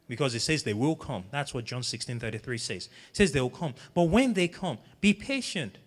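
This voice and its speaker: A man's voice: a little high, in a large hall. Earnest male preacher exhorting a congregation. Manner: earnest exhortation, repeating phrases, sings snatches of a hymn. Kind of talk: sermon.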